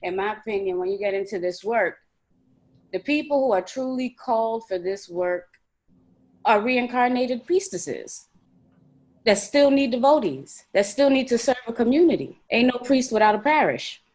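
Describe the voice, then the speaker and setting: A woman's voice: on the high side, animated, moderate pace, a little mellow, poor audio. A woman in an online group class giving her opinion emphatically, with folksy sayings. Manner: emphatic, folksy, asks you understand. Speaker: class participant. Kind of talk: casual opinion in group call.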